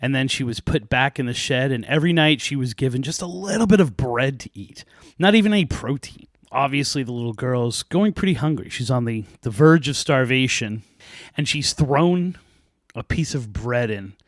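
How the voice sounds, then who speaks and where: A man hosting a podcast, casually retelling a folk tale with lively asides and light laughs. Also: mid-range voice, moderate pace, no room sound, clean studio sound. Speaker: podcast host.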